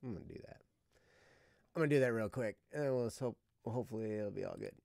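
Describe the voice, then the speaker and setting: A man's voice: medium pitch, quick pace, creaky, a little mellow, dry recording, studio quality. A man co-hosting a live-streamed talk show, chatting casually, joking, laughing often and restarting his sentences. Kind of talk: casual group chat.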